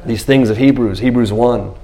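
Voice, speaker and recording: Man pastor, gravelly voice, lively sermon full of acted-out quotes. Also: medium pitch, moderate pace, faint music behind. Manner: animated preaching, acts out biblical scenes in quotes.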